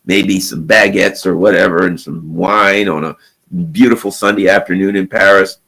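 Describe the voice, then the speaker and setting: A man's voice: sits low, moderate pace, vocal fry, fairly bright tone, low-quality recording. A man giving a ranting solo political commentary in a sarcastic style, repeating himself and restarting phrases often. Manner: sarcastic, repetitive, with frequent restarts.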